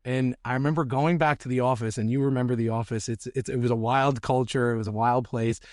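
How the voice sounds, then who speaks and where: A candid podcast host from New Jersey, a man telling a story in casual chat. His voice is mid-pitched and dry, recorded close with little room sound, and he restarts phrases and swears freely. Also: fairly even intonation, fast talker, darkish tone, no echo.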